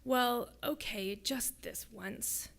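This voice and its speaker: A woman's voice: a little high, extremely slow, creaky, a bit bright, full character voice. A woman voicing a shy American teenage girl speaking careful, hesitant schoolbook French. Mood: shy, earnest.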